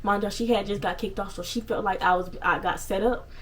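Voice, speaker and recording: A young woman telling a story casually on her vlog, animated and swearing freely, with lots of asides. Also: medium pitch, brisk, far from the mic, low-quality recording. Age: young adult. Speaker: storytime vlogger.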